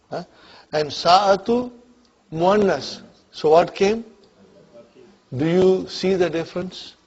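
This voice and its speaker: A man with a slightly high, somewhat mellow and slightly rough voice teaches an Arabic grammar class, captured in dull audio. He often checks that students are following and calls on them by name.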